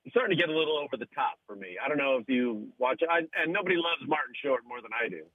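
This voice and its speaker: Animated man telling a story. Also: mid-range voice, rapid-fire, no echo, narrow, tinny audio. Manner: animated storyteller, acts out voices, laughs often. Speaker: radio show guest, comedian and podcast host. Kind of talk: casual chat.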